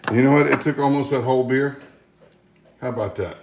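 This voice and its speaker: A home cook running a cooking channel talks casually through a demo in his indoor kitchen, wandering off into folksy, joking asides. He speaks a little fast in a mid-range voice, with some hiss or hum, kitchen echo and clattering pots on the recording.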